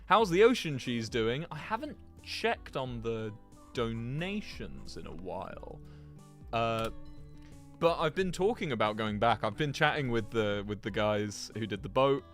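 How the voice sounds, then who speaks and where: Chatty streamer, lively voice. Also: male voice, mid-range voice, unhurried, faint music behind. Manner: chatty and rambling, talks to chat, laughs often. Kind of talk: casual livestream commentary while playing a geography game.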